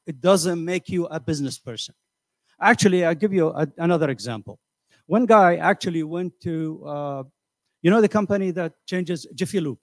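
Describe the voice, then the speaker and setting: Older man, motivational seminar speaker, animated, a bit high-pitched, dry close sound. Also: no room sound. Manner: animated, acts out quoted voices; conversational, asks the audience questions. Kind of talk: motivational lecture. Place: community center hall.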